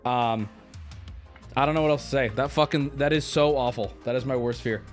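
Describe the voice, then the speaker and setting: A man streaming live, talking casually to his chat and swinging between loud outbursts and low mutters. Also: brisk, soft background music. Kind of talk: casual livestream talk.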